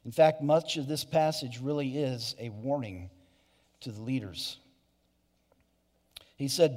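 In a church sanctuary with hall reverb, a male pastor delivers a sermon in a mid-range, darkish voice, speaking slowly and pausing often. His earnest preaching is full of restarts, asides and frequent "you know"s.

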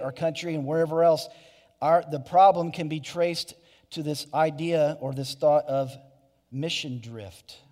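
A man's voice: fairly high pitch, darkish tone. Preaching man in a reverberant hall. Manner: earnest preaching with frequent restarts and "you know". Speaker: pastor. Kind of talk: sermon. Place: church sanctuary.

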